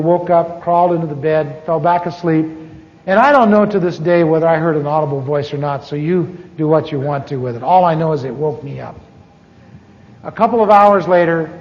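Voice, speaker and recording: A middle-aged man preaching a personal testimony, candid and storytelling, with wry asides. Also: a little high. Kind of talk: testimony sermon. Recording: dull archive recording with long hall reverb.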